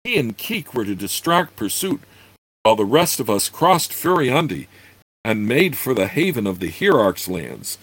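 A man's voice: mid-range voice, sing-song, normal speed, a bit bright, breathy edge, dry recording. A man voicing a wizened, wounded male gnome who pleads and curses while reading a fantasy novel aloud. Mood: desperate. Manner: shrieking, pleading. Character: dying wizened male gnome, desperate and hateful.

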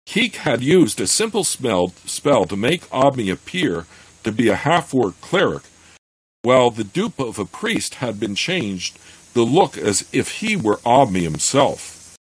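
A man reading a fantasy novel aloud in a steady voice, then talking it over with many fillers and restarts. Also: medium pitch, unhurried, husky, poor audio. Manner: plain steady reading of the narration. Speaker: podcast host reading a novel aloud and discussing it.

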